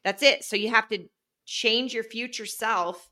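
A woman co-hosting a podcast, who talks in an animated, emphatic and blunt way and has children. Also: fairly high pitch, a little slow. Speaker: podcast co-host. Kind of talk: casual chat.

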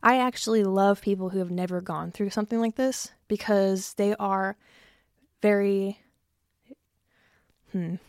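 Speaking at a measured pace with frequent pauses, a young woman in her basement hosts her own podcast in a mid-range, fairly evenly intoned voice. It's chatty, self-mocking solo talk with free swearing and shortness of breath, recorded in studio quality without echo.

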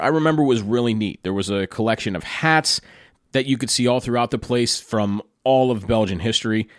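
Telling the story of his travels, this Pennsylvania man keeps it casual and excited, often turning aside to address the listener directly. His voice sits on the low side, recorded at studio quality with no room sound.

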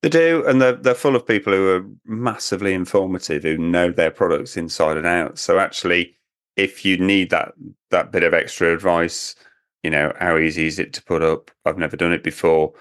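A man's voice: low voice, a bit bright. A man co-hosting a casual podcast chat in a teasing, easygoing way. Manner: teasing and quick to laugh. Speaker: podcast co-host.

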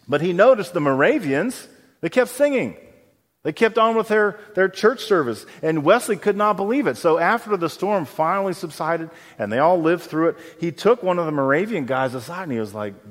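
Man, pastor, sermon, mid-pitched voice, acts out voices, long hall echo. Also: fairly quick. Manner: animated storytelling, acts out quoted voices.

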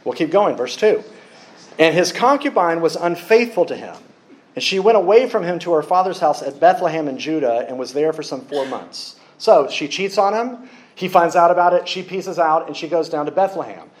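A man preaching a sermon, lively and joking with the congregation. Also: fairly high pitch, moderate pace. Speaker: pastor.

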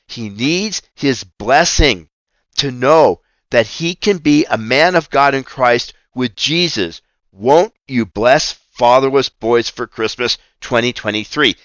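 Man, Christian radio host, emphatic preachy delivery, bright voice, dry sound. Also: medium pitch, animated, a little slow, no echo. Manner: preachy, emphatic, repeats key phrases.

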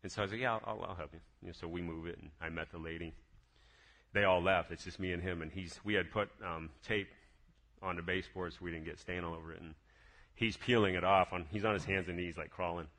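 A man with a fairly low but bright, forceful voice recounts a personal faith story. He talks casually and gets excited, restarting his sentences as he goes. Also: quick pace. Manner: lively, excited retelling with many restarts. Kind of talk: casual spoken testimony storytelling.

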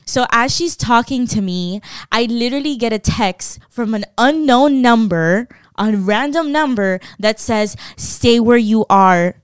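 A young woman tells a story in casual vlog style. She swears freely and acts out the voices she quotes with animated energy. Her voice is smooth and clean, recorded dry and close to the mic. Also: fairly high pitch, unhurried, dry recording.

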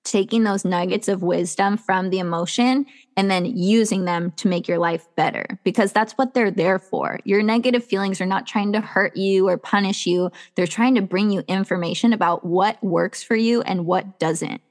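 A woman's voice: mid-range voice, normal speed. A woman who works as a self-love coach, speaking as a podcast guest in an earnest, encouraging way with lots of "like" fillers. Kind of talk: casual podcast chat.

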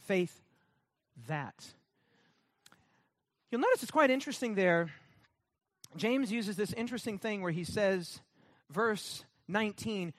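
A man's voice: high voice, lively intonation, slow pace, pauses often, dry recording, clean studio sound. A man preaching a sermon, emphatic and repetitive, calling on the congregation to repeat words and mocking opponents with sarcastic voices. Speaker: pastor.

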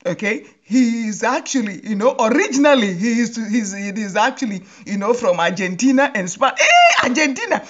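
A woman's voice: on the high side, sing-song, normal speed, hardly any pauses. A woman hosting a humorous commentary monologue, teasing and laughing often. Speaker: podcast host. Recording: dull lo-fi recording.

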